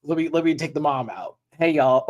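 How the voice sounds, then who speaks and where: A man's voice: on the high side, moderate pace, a little mellow, lo-fi sound. A man from Texas hosting a casual live review, chatty, giggly and playful. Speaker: host.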